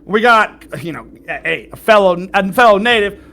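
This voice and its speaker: A man's voice: high-pitched, animated, normal speed, creaky, bright, forceful tone. A man running a tabletop game as game master, slipping into a folksy drawl for his characters and laughing often. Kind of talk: playing a tabletop game, doing character voices.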